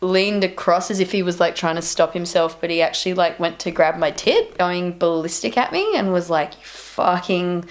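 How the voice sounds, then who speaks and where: A woman's voice: lowish voice, animated, normal speed, hardly any pauses. A woman rambling through a personal story in an interview, full of fillers. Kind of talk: personal testimony.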